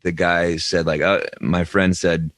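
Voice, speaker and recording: A man's voice: low-pitched, flat delivery, unhurried, fairly bright tone, no room sound. A man co-hosting a comedy news podcast, telling stories in a rambling, self-interrupting way. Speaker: podcast co-host. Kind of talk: comedic banter.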